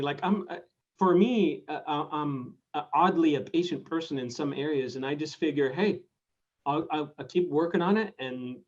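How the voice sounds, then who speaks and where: A man hosting a talk show, chatting in an easygoing, halting way. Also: on the high side. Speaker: host. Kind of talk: casual interview chat. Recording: dull lo-fi call audio.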